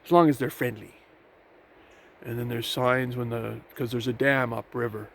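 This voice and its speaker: A man narrates a walk on an outdoor trail in a rambling, casual way, full of fillers and restarts. His voice is gravelly and mid-pitched. The recording is noisy, with wind and river sound behind him. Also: fairly even intonation, normal speed. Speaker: vlogger. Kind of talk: casual walking tour narration.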